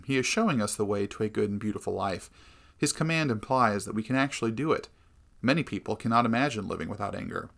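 A man giving a measured, earnest scripted narration of a Christian devotional book. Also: on the low side, creaky, a bit bright.

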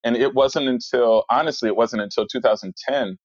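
A man's voice: mid-range voice, brisk, no room sound, dull audio. A man chatting casually, telling rambling stories full of fillers and restarts. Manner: rambling, animated storyteller with many fillers. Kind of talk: casual chat.

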